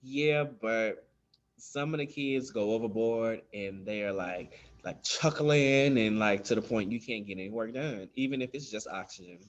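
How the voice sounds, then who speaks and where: The recording is muffled as a dental instructor with a fairly low voice chats through a lesson on dental vocabulary. He says "um" a lot and mimics the way kids and staff talk.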